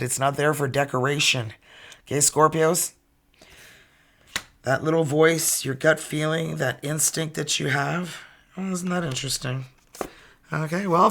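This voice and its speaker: A man reads tarot in a chatty, teasing way. His voice sits a little high with a bright, sharp edge and a gravelly fry underneath. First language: French. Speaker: tarot reader. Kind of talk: casual tarot reading.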